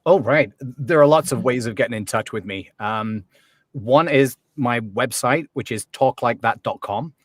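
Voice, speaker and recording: Guy who coaches accents, rambly n chatty, lots of ums, mid pitch, dry close sound. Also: measured pace, no echo. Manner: chatty, hesitant with many ums and restarts. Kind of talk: casual interview chat.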